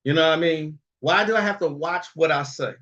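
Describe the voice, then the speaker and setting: A man's voice: a little high, fairly quick, fairly bright tone, highs cut off. A man hosting a livestream in casual, rambling talk, chuckling often and tagging lines with "okay?" and "all right?". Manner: rambling, frequent chuckles, tag questions. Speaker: livestream host.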